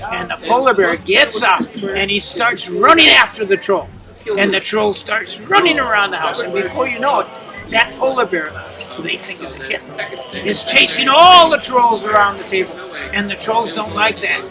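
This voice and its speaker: An animated male storyteller tells a folk tale, acting out each part in a high voice. He is heard from a distance. Loud music plays behind him. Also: moderate pace. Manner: animated, acts out the parts. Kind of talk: folk tale told to an audience.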